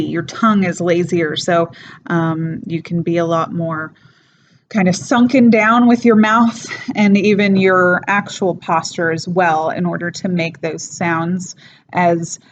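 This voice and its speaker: A young woman explains accents in a slow, thoughtful presentation, pausing often with ums. The recording sounds slightly dull and lo-fi, with faint noise in the background. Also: on the low side. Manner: thoughtful, many ums and pauses. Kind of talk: spoken accent study presentation.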